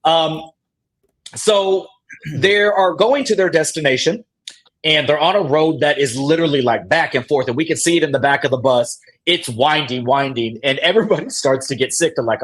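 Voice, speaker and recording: His voice sits on the high side and moves at an ordinary speed as he hosts a relaxed recap podcast. He animates the story, acting out quotes while laughing.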